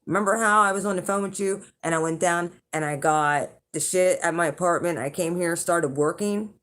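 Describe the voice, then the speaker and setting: Woman, low voice, casual storytelling, rambling, swears, laughs. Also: brisk, a bit bright. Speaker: channel host, intuitive reader.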